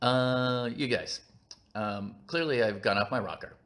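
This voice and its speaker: A man's voice: mid-range voice, a little slow, a bit bright. A man hosting a casual live stream, chatting in a goofy, rambling, self-mocking way while eating breakfast, recorded on a phone. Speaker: channel host.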